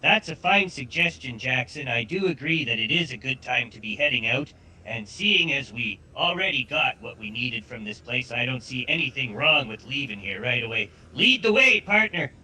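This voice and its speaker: A man's voice: mid-range voice, lively intonation, normal speed, sharp tone, husky, full character voice, rough recording. A synthetic male voice playing a cocky outlaw gunslinger in a Southern American accent, boastful and swaggering.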